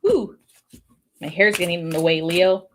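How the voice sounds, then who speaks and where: A woman's voice: lowish voice, fairly even intonation, a little slow, background noise. A young woman hosting a live tarot stream, chatting casually, laughing often and swearing now and then.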